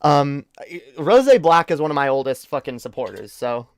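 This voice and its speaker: A man streaming while tipsy, giving boastful, excitable, profane commentary on his old footage. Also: fairly high pitch, normal speed, no room sound, studio quality. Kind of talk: reaction livestream commentary.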